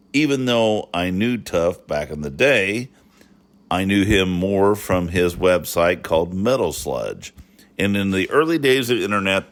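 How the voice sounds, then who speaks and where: A podcast host reading his intro with real enthusiasm. His voice sits very low, but it moves up and down a lot as he speaks. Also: fairly bright tone. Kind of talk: scripted intro narration.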